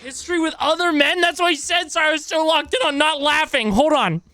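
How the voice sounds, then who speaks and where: A woman's voice: high-pitched, fairly quick, a bit bright, no echo. A woman streamer giving a mocking reaction to a video, laughing and throwing in slang. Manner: mocking, laughing, uses slang like bro and dude.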